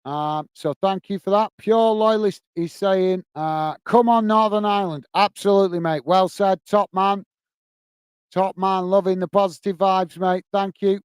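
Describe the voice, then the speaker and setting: A man's voice: high-pitched, fairly even intonation, unhurried, clean tone, no room sound. A British man hosting a live football watch-along, calling the play and chatting to viewers in the comments. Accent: British English. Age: adult, working age. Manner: chatty, reads out viewer comments, calls everyone mate. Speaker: host of a match watch-along. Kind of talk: casual live commentary and chat. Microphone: earpiece and close mic.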